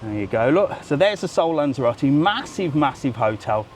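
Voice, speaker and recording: A man's voice: medium pitch, very animated, moderate pace, a little hiss or hum. A middle-aged man from England hosting a casual live stream as he walks outdoors, talking chattily, swearing freely and teasing passers-by. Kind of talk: casual live walkabout chat. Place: outdoors by a seafront road and beach.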